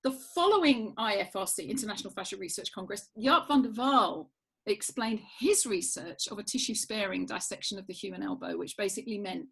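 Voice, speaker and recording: A woman guest, a yoga teacher trainer, telling lively stories in an interview and acting out what people said. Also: mid-range voice, a little fast, creaky, husky. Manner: animated, acts out quoted voices, frequent restarts. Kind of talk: lively storytelling interview chat.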